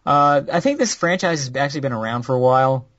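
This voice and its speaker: A man's voice: medium pitch, lively intonation, quick pace, a bit bright, no echo. A man hosting a casual podcast that reviews new anime, talking in a crude, sarcastic, rambling way with many restarts. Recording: dull lo-fi dry recording.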